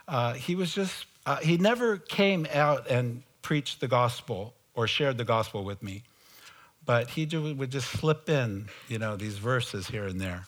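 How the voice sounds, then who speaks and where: A man telling his conversion story in a sermon, slow and halting, with many fillers and restarts. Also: medium pitch, fairly bright tone. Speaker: preacher giving testimony. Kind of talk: sermon testimony.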